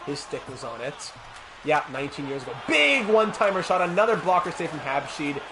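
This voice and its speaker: Guy streaming a hockey game, fake sportscaster calls, a bit high-pitched, noisy mic. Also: a little fast. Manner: mock sportscaster calls, asides to chat. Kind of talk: play-by-play commentary while gaming.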